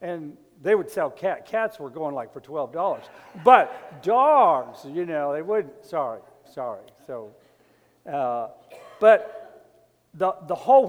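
Rambling pastor in a reverberant hall. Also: male voice, sits high. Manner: conversational, rambling with asides and restarts. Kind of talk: sermon.

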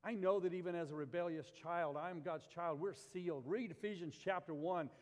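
A man's voice: high voice, fairly quick, hardly any pauses, a little mellow, big-room sound. A man preaching a sermon as a pastor, mixing scripture with folksy, homey stories and asides. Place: church.

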